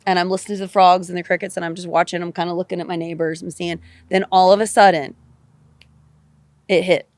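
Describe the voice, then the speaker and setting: A woman podcast guest telling a personal story in an animated way, repeating phrases and swearing casually. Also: on the low side, fast, dry recording.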